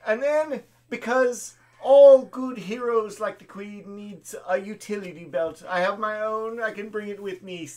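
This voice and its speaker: A woman playing a party game, making a boastful, self-assured improvised pitch. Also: a little slow, hardly any pauses, a little mellow. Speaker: board game player.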